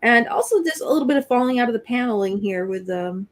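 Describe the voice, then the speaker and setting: Lively woman discussing art on a livestream. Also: a little high, quick pace. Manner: thoughtful, detailed art commentary. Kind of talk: casual livestream chat.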